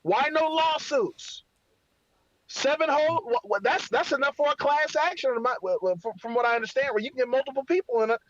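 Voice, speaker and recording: A man's voice: very high-pitched, expressive, fairly quick, fairly bright tone, no room sound. A man calling into a live show, insistently demanding evidence and repeating himself, swearing. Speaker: caller. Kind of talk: heated call-in argument. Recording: dull lo-fi call audio with faint noise.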